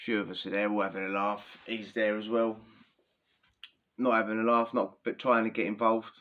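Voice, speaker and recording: A man's voice: fairly low pitch, little pitch movement, normal speed, phone-quality sound. A young man casually telling a prison story, chatty and full of slang, often breaking into laughter.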